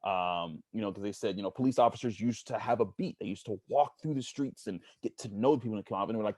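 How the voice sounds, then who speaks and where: A man from Pittsburgh, a sports journalist, talking earnestly as a podcast guest, halting and searching for words. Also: lowish voice, darkish tone, no room sound, studio quality. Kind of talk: casual interview storytelling.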